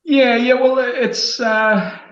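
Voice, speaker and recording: A man answering as a guest in a casual interview, easygoing and halting, repeating words. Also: very high voice, fairly even intonation, a bit bright. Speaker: distillery guest. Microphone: video call. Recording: muffled roomy video call audio.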